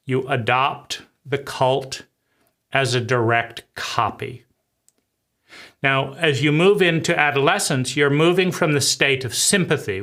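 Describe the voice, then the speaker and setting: A man gives a reflective solo talk at an unhurried, measured pace. He keeps posing questions and answering them himself. His voice sits in an ordinary middle pitch. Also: sharp tone. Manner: slow, deliberate, asks and answers his own questions. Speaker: host.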